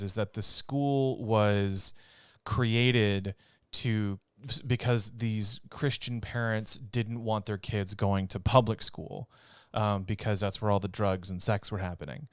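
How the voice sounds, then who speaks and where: Low smooth-voiced man chatting casually. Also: dry recording, clean studio sound. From North Texas. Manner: rambling, laughs often. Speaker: podcast co-host. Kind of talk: casual gaming chat.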